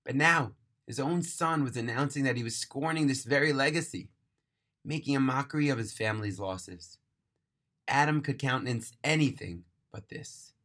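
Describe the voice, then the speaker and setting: Male storyteller, mid-pitched, bright and clear, dramatic read-aloud delivery. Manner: earnest, emphatic, slowing on key phrases. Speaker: narrator.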